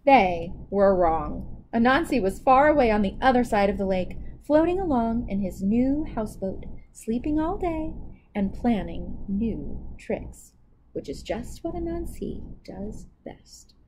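A woman librarian reading a children's picture book aloud in a dramatic, expressive way, with asides to young listeners. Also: a little high, measured pace, slight background noise, poor audio.

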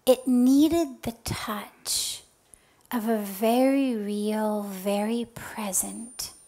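A woman spiritual teacher telling a story in a talk. She is soft and earnest, and her voice often drops to a breathy near-whisper. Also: fairly high pitch, fairly even intonation, very slow, low-quality recording.

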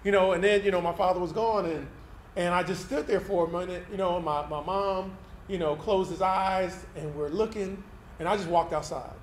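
Male pastor, fairly high voice, conversational testimony sermon, roomy hall with a faint hiss underneath. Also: fairly even intonation, normal speed. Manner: candid, conversational, tag questions like "right?". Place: event hall used for Sunday service.

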